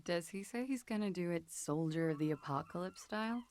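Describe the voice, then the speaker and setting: A woman's voice: lowish voice, lively intonation, fairly quick, a little mellow, close to an everyday voice. A woman voicing a guarded, world-weary young woman in a video game, cool and evasive.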